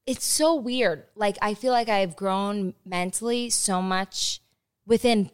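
A woman's voice: medium pitch, slow pace, clean tone. A woman guest on a podcast, chatting candidly, laughing often and swearing freely. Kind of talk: casual chat.

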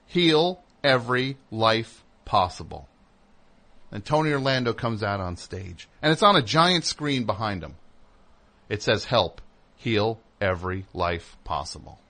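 A man's voice: fairly low pitch, fairly bright tone. A man hosting a comedy talk show, telling a rambling story in casual chat and mimicking other people in raised voices. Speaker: comedy radio host.

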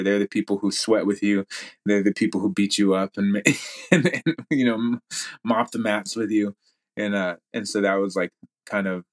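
A man speaking as a podcast guest, telling a story in a rambling way with lots of fillers and restarts. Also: lowish voice. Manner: rambling, many fillers and restarts, laughs while talking. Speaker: podcast guest, jiu-jitsu athlete. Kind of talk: casual storytelling.

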